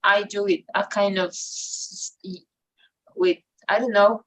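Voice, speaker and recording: A woman leads an online English class at an unhurried pace. Her speech halts and restarts often, full of fillers, and her voice sits at an ordinary middle pitch. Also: fairly even intonation, poor audio. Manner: slow, hesitant, non-native English with many fillers. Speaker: English teacher.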